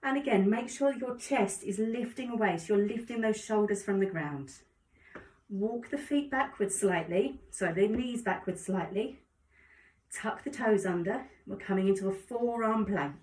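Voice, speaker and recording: A woman calmly guiding a yoga class with encouraging cues. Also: mid-range voice, moderate pace. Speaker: yoga instructor. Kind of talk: guided exercise instruction. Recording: echoey room, distant mic.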